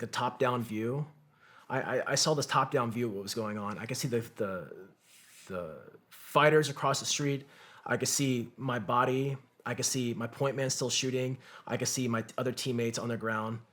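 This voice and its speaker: With a mid-range, slightly bright voice, this man, a combat veteran on a podcast, recounts his war experiences in conversation. He curses freely, paints vivid scenes, and acts out other people's quotes.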